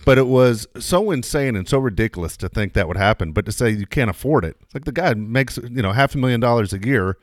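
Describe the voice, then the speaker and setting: A man co-hosting a casual talk show, telling a story in an animated way, swearing and repeating words when worked up. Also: medium pitch, fairly quick, few pauses, no echo, clean studio sound. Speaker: co-host. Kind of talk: casual radio chat.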